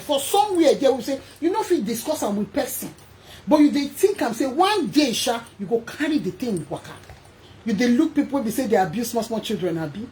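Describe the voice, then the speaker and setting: A Nigerian woman hosts her own vlog and talks straight to camera. Her voice sits fairly high and swings up and down a lot as she stresses her points to the viewers. A faint hiss runs under her talk. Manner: animated, emphatic, addresses viewers directly. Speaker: host. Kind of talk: casual vlog monologue.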